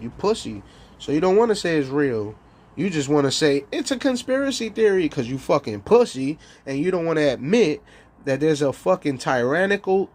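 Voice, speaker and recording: A man's voice: fairly high pitch, a little mellow. A man hosting a livestream in a profane, rambling rant, stopping to search for words and taunting the audience with rhetorical questions. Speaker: livestream host. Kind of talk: ranting livestream monologue.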